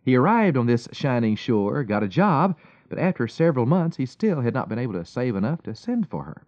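A man's voice: mid-range voice, fairly quick, no room sound, lo-fi sound. A man giving a scripted radio devotional, telling stories with emphatic, chuckling delivery. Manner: storytelling, warm emphatic delivery with lively swings and chuckles.

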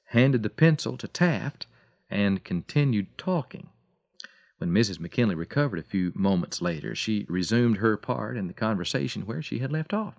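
A man's voice: fairly low pitch, gravelly, dry recording, highs cut off. Dry-voiced male radio preacher telling a story. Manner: dramatic storytelling, slowing and softening for emphasis.

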